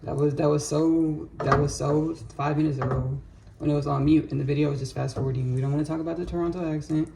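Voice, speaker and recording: A woman's voice: sits low, steady tone, fast talker, creaky, background noise. A woman who hosts a home cooking vlog. She talks casually and rambles, drifting into spiritual asides as she cooks in her kitchen. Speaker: home cook vlogger.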